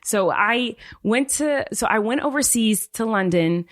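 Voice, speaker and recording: A woman co-hosting a casual podcast, telling a story in an animated, self-deprecating way. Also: fairly high pitch, measured pace, dry recording. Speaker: podcast co-host.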